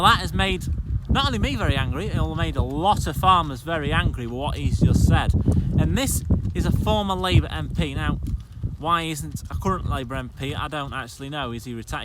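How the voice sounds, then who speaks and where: A man's voice: on the high side, expressive, moderate pace, heavy background noise. A man from the UK, a farmer vlogger, ranting bluntly to camera and repeating himself as he gets frustrated. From United Kingdom. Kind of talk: casual talking-to-camera rant.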